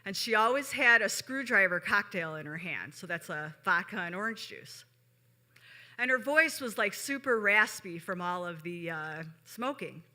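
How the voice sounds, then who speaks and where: A woman's voice: medium pitch, animated, moderate pace, sharp tone. A woman from Chicago telling a personal story on stage in a chatty way, with frequent asides to the audience. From Chicago, USA. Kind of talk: live storytelling.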